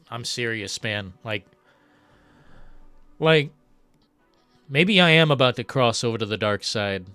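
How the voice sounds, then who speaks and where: A man hosting a live gaming stream, ranting with profanity, swinging from low muttering to loud outbursts. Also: clean tone, no echo. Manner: reads chat messages aloud. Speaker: livestream host. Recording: faint background music.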